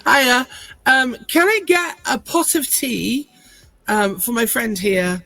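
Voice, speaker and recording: A woman's voice: on the high side, sing-song, slow, pushed and bright, no echo, soft background music, low-quality recording. A woman playing a tabletop game in character, chatty, cheeky and easily flustered. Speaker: player. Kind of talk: tabletop role-play in character.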